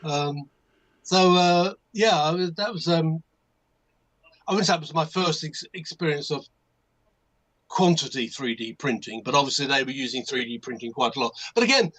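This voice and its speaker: An older man with an English accent tells a meandering story in a casual chat. His voice sits a bit high. He keeps breaking off into asides and restarting his sentences. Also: animated, normal speed, a bit bright, low-quality recording. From England. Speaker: guest modelmaker. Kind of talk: casual anecdote on a livestream.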